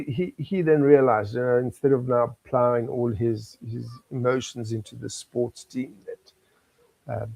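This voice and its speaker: A man's voice: mid-range voice, gravelly, mellow, dry recording, rough recording. An older man from South Africa, a talk show guest telling his life story in an earnest, chuckling manner. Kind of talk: candid interview talk.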